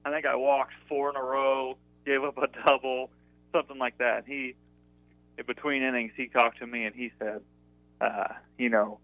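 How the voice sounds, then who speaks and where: A man's voice: medium pitch, flat delivery, normal speed, no echo. Young man telling stories over a phone line. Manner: chatty, many fillers, laughs through stories. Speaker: guest, former college pitcher. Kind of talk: casual interview storytelling. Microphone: phone call. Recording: dry tinny phone line.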